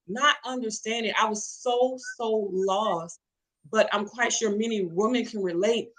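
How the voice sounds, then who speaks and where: A woman's voice: fairly high pitch, a little slow, fairly bright tone, rough recording. A woman, an interview guest telling her story in an emphatic, preacherly way and calling out to listeners. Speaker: interview guest, catering business owner. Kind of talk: testimony-style storytelling.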